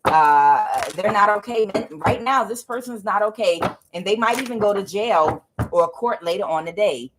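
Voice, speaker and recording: Woman, tarot reader, excitable, casual swearing, mid-pitched voice. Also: moderate pace, few pauses, noisy background. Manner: excitable, swings from low mutters to loud bursts; swears casually, addresses viewers as guys and y'all. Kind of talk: tarot reading to a channel audience.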